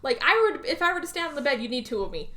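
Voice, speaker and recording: A woman co-hosting a podcast, telling a movie plot in a lively, casual way, acting out the characters' lines and laughing often. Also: high voice, very fast. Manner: animated storyteller, acts out quotes, laughs often. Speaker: podcast co-host. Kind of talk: casual movie recap chat.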